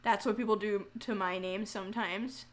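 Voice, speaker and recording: A woman live streaming as she paints a pumpkin, chatting casually to her viewers. She is self-mocking, swears freely and breaks into loud, frustrated outcries. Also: mid-range voice, steady tone, normal speed.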